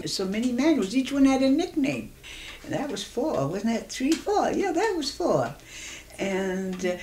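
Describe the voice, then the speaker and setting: A woman in her eighties reminiscing in an oral history interview, telling her stories in a lively way and acting out the dialogue. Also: on the low side, a little hiss or hum. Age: 80s. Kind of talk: reminiscing storytelling.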